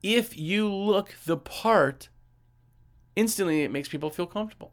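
In a high-pitched voice at normal speed, a man gives laid-back business coaching with plenty of energy. Rhetorical questions and acted-out customer voices fill his talk.

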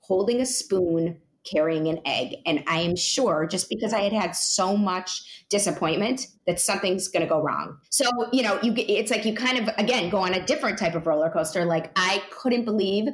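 A woman's voice: medium pitch, fairly quick, hardly any pauses. A woman in her thirties, an interview guest telling a personal story in a rambling way, full of "you know" and restarts.

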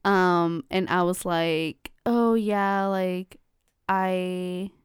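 A woman's voice: fairly low pitch, fairly even intonation, very slow, smooth, no room sound, studio quality. A young woman in college chatting casually, full of fillers and acting out what others said. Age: young adult. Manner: chatty, many fillers, acts out quoted dialogue. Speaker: college student. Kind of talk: casual chat.

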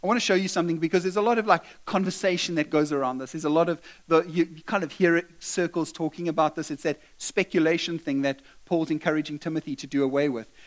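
A man's voice: fairly high pitch, steady tone, quick pace, few pauses. A man pastor giving a conversational sermon, putting questions to the congregation.

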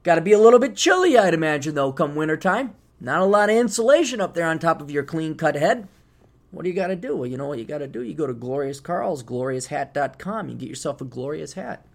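A man hosting a podcast alone, rambling in a sarcastic, casual monologue with sudden loud bursts, tired and just waking up. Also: a little high, sing-song, quick pace, gravelly. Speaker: podcast host.

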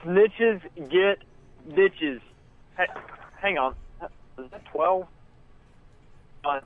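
Calling in to a show from his parked car, a man rambles and swears in casual chat over a tinny phone line. His voice is high-pitched and expressive, and he speaks very slowly with frequent pauses.

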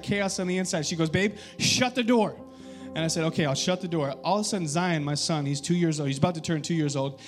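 A young man, a pastor, preaching a sermon, telling a story and building to loud, urgent exhortation. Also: high voice. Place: church sanctuary.

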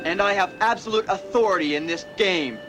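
A man's voice: high-pitched, a little fast, natural voice. An actor playing a young man who urgently pleads with a friend in a film scene, with music under the film audio. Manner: urgent, insistent.

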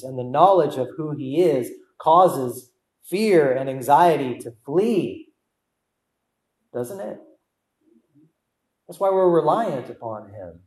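A man's voice: a little high, a little mellow, echoey room, rough recording. A young adult man preaching a sermon as a guest preacher, asking the congregation rhetorical questions and repeating key words for emphasis. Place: church.

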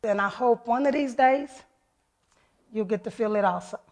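A woman's voice: on the high side, normal speed. A woman giving an earnest, heartfelt personal testimony to her church, retelling events through many quoted voices. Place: church service.

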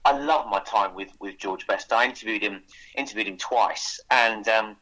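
A man being interviewed about his book, telling lively anecdotes with frequent restarts and laughs. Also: fairly low pitch, normal speed, low-quality recording. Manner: enthusiastic storyteller with frequent restarts. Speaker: author guest. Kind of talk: casual radio interview chat.

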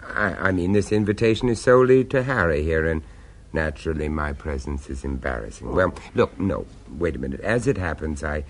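A man's voice: rumbling low, lively intonation, a little fast, heavily acted. A man narrating and acting in a radio drama, mild and polite, a little hesitant in dialogue.

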